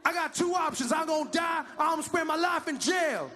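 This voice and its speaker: A comedian playing a cornered male suspect who shouts defiant slang from his hideout during a live stand-up show. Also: very high-pitched, brisk, a little hiss or hum, pitched above the performer's own voice. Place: large live comedy venue.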